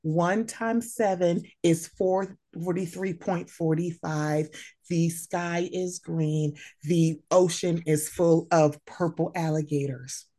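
A woman doing a mocking impression of a female pundit who speaks in a slow, smooth, pleasant cadence. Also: on the low side, steady tone, warm tone, pitched below the performer's own voice. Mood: mock-serene. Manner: slow, smooth, soothing delivery.

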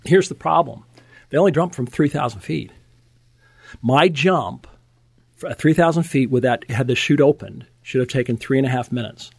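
An older man telling his testimony as an interview guest, in an animated, conversational way, often chuckling and restarting words. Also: medium pitch, normal speed, creaky, husky, no echo. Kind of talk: conversational storytelling.

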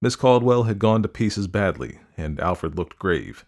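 Brief: male audiobook narrator, very deep voice, measured reading. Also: very animated, darkish tone. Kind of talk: scripted storybook narration.

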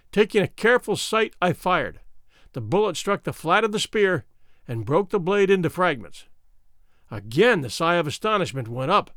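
Guy reading an old adventure story, super animated, dry sound, dramatic. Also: on the high side, fairly quick, no echo. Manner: lively, dramatic storytelling with an old-fashioned formal tone. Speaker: audiobook narrator. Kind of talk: expressive scripted narration of a classic adventure novel.

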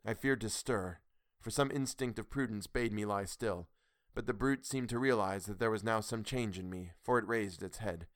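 A man reading a story aloud in a measured, dramatic storytelling manner. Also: on the low side, a bit bright, clean tone, no echo, studio quality. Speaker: podcast host reading a story. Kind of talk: audiobook narration.

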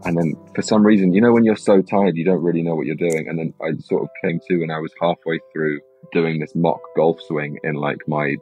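A young British man, an actor, chatting casually in an interview, telling rambling, animated stories with lots of restarts. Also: low voice, a little fast, hardly any pauses, faint music behind. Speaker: actor guest. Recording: slightly dull lo-fi sound.

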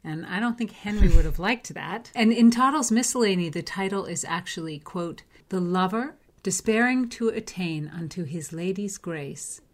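A woman's voice: lowish voice, animated, moderate pace, few pauses. A woman co-hosting a podcast, talking things through in a conversational way. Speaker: podcast co-host. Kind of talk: casual chat.

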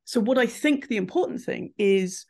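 A woman business coach talking casually as a podcast guest, lively and laughing often. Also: a little high, normal speed. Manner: lively, laughs often, acts out clients' lines. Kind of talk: casual interview chat.

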